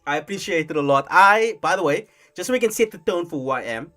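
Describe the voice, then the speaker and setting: A young man from Africa, hosting a casual live stream in a rambling, animated way with many restarts. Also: a little high, fast talker. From South Africa. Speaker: streamer host. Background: faint lo-fi music.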